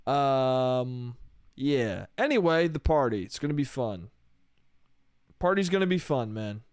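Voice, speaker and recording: A man's voice: mid-range voice, lively intonation, measured pace, a little mellow, smooth, no room sound, clean studio sound. A man hosting a solo comedy podcast, rambling profanely and mocking himself in a casual monologue.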